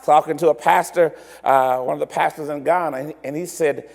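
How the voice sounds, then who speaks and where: A man preaching a sermon. His voice sits high for a man, and the long reverb of a big hall rings behind him. He stumbles and restarts often and acts out little dialogues as he goes. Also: steady tone, a little fast, vocal fry, darkish tone. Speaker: pastor.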